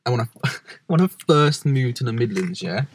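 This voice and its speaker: A man's voice: medium pitch, animated, normal speed, a little hiss or hum. A man in casual chat who tells stories animatedly and acts out the people he quotes.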